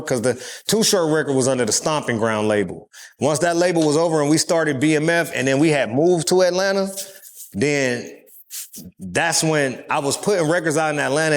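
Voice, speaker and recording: A man from California, telling stories as an interview guest, profane and animated, acting out other people's voices. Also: mid-range voice. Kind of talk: casual storytelling.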